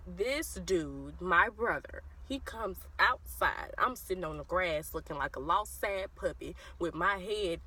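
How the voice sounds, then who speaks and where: A woman with a Southern US accent telling a childhood story to her viewers in a casual, animated way, acting out the voices of the people in it. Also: fairly low pitch, a little slow, few pauses, slightly rough, rough recording. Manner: animated, addresses viewers as y'all, acts out quoted voices.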